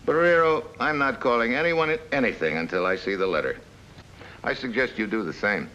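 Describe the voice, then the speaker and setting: A tough American agent with a low, bright, lively voice. He cuts through talk with dry, blunt remarks. The old soundtrack is muffled and faintly hissy. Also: brisk. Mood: wry. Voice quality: wry, blunt. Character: tough, wry American male agent, middle-aged.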